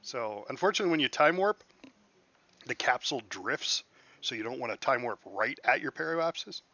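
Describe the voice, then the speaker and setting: A man's voice: mid-range voice, lively intonation, moderate pace, bright, forceful tone, lo-fi sound. A man streaming a space game, explaining each step to his viewers as he plays. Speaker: gaming streamer. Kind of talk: live game commentary.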